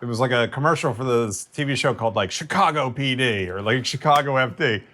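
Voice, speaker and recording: A young man, a guest on the show, recalling road stories in a relaxed, casual way. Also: mid-range voice, fairly quick. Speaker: guest, former assistant. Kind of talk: casual chat.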